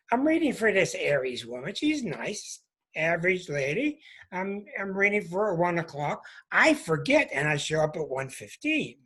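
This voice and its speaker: Husky astrologer guy telling a story to his group, voice jumps all over. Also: a little high, fairly bright tone. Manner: emphatic, repeats sounds for effect. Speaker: astrologer and host.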